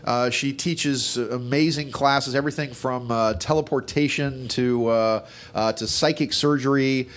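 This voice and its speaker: A man's voice: mid-range voice, steady tone, unhurried. A man moderating a panel at an expo, joking and rambling with many "uh" fillers as he introduces the guests.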